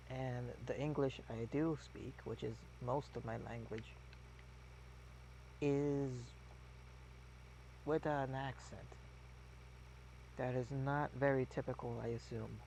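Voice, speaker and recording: A man's voice: mid-range voice, fairly even intonation, slow, gravelly, long pauses, darkish tone, a little hiss or hum. A man streaming a game, chatting casually in a rambling, musing, self-mocking way. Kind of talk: casual gameplay chat.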